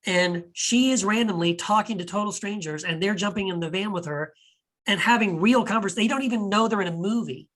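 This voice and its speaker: A man's voice: high voice, a little fast, fairly bright tone. A man hosting a podcast, talking casually and enthusiastically about films, rambling with restarts and acting out puzzled rhetorical questions. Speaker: podcast host and author.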